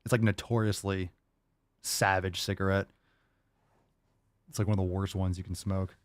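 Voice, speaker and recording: Profane, rambling low-voiced man. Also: little pitch movement, moderate pace, no echo. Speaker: podcast host answering viewer questions. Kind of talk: casual livestream Q&A.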